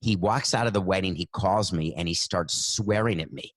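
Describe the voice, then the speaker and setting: A middle-aged man on a sports talk show, telling an animated anecdote and acting out the phone calls in it. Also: sits low, normal speed, no echo. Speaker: guest storyteller.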